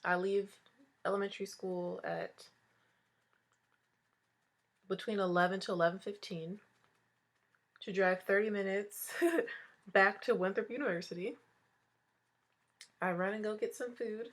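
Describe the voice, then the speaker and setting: A woman's voice: medium pitch, steady tone, unhurried, long pauses. A young woman in her twenties, congested and chatty, talking through a casual makeup tutorial as a beauty vlogger. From Hawaii. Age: 20s. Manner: chatty, upbeat and talkative. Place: home, early morning.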